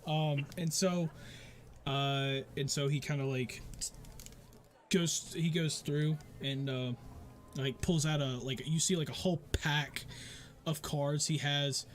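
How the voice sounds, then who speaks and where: Rambling game master, casual and halting. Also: male voice, fairly high pitch, fairly even intonation. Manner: rambling, many fillers and restarts. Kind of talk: narrating a tabletop game.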